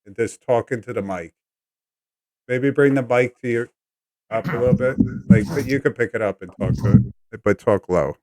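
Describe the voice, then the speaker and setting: A man's voice: medium pitch, moderate pace, a little mellow, no room sound. A man hosting a casual live stream, greeting viewers one by one and coaching his guest on the mic. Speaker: livestream host.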